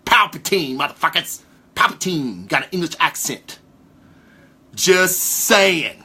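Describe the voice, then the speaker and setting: A man hosting a casual talk show, rambling through theories with live viewers in a profane, excitable way. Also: a little high, takes it slowly, slightly rough. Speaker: podcast host.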